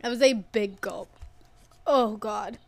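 A woman's voice: medium pitch, takes it slowly, dry recording. A young woman with a cold, co-hosting a podcast and telling a story in a laughing, casual way. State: sick with a cold. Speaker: podcast co-host. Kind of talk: casual chat.

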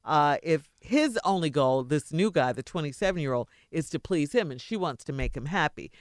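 A woman's voice: sits low, animated, normal speed, dry recording, clean studio sound. A woman hosting a morning radio comedy show, reading a listener letter and laughing often with her co-hosts.

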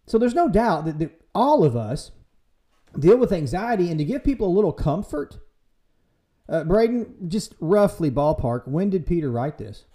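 Guy hosting a church podcast, kinda high voice but mellow and dark-toned, chatty and animated. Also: normal speed. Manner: lively, acts out quoted voices for humor. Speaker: podcast host and church leader. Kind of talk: casual faith discussion.

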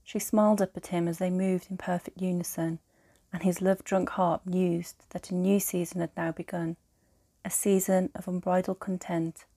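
Soft low-voiced woman narrating gently. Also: no room sound. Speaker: narrator and co-host. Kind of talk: calm scripted story narration.

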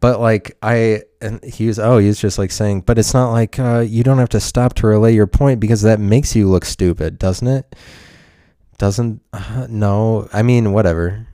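Deep, dark-toned man, smooth voice, dry close sound; rambling profane rants. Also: steady tone, normal speed, no room sound. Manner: rambling, scattered, profane, swings to sudden loud outbursts. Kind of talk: rambling monologue.

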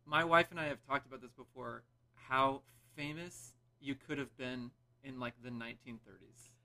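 A man's voice: medium pitch, fairly even intonation, moderate pace, pushed and bright. A man guesting on a casual podcast as a local comedian, talking in an easygoing way from a couch at home and laughing along.

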